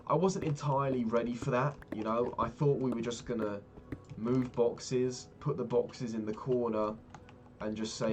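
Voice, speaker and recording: His voice is mid-range and slightly dark, with fairly even intonation and a moderate pace. The young vlogger chats loosely and swears freely while telling a story over a game, keyboard typing audible behind him.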